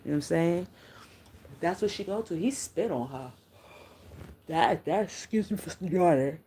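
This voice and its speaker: A middle-aged woman livestreamer chats casually on a live stream, her lowish, dark voice moving with lively intonation at a moderate pace over a little hiss or hum. She tells stories bluntly and candidly, swearing freely and talking back to her viewers' comments.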